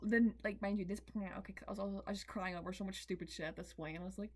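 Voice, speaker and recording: A young woman telling a personal story to her viewers, candid and emphatic, swearing freely and swinging between excitement and tears. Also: medium pitch, rapid-fire, hardly any pauses. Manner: emphatic, repeats words. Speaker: vlogger. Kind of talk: confessional storytime.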